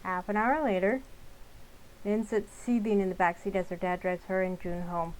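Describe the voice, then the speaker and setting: A woman's voice: medium pitch, fairly even intonation, moderate pace, rough recording. A woman reading a visual novel aloud with casual commentary as she plays. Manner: casual asides while narrating. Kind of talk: let's-play reading and commentary.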